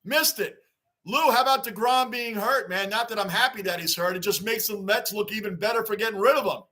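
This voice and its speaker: A man reading fan chat on a casual sports livestream talks a little fast in a high, pushed, bright voice. He keeps it loose, greets people by name and goes back over his points.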